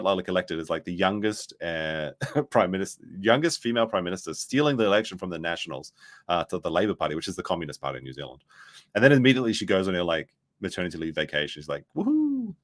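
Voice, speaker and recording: A man giving casual, rambling reaction commentary, full of fillers. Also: low-pitched. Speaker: commentary streamer.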